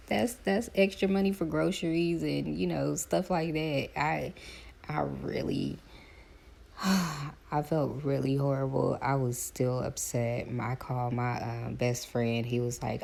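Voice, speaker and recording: A woman, chatting casually to her viewers while doing her hair, animated as she retells her calls. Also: a bass voice, measured pace, gravelly. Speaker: vlogger.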